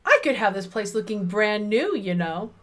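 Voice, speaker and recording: A woman's voice: medium pitch, very animated, moderate pace, lightly acted. A woman voicing a perky, chatty middle-aged cleaning lady with a Midwestern accent. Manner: perky, eager, apologetic.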